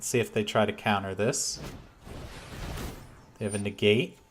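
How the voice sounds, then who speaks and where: A man thinking aloud as he plays a card game, reacting strongly to each turn, from quiet muttering to loud frustration. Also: fairly low pitch, steady tone, normal speed, slight background noise. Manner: reactive, swings between muttering and frustrated outbursts. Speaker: gameplay commentator.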